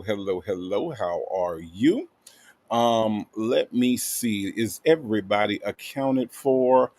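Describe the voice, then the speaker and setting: A man hosting a livestream, casually greeting viewers and reading their comments aloud with playful asides and repeated hellos. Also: medium pitch. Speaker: livestream host.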